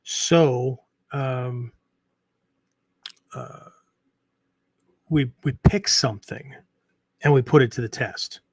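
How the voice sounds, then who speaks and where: Male podcast host, mid-pitched, loose unscripted delivery full of fillers and "right?", dry close sound. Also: slow, pauses often, breathy edge, dry recording. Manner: rambling, many fillers and restarts, frequent "right?". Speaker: podcast host and martial arts teacher. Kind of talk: casual unscripted talk.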